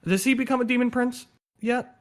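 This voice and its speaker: A man in casual chat, excitedly explaining game lore, swearing and going on tangents. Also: very high-pitched, brisk.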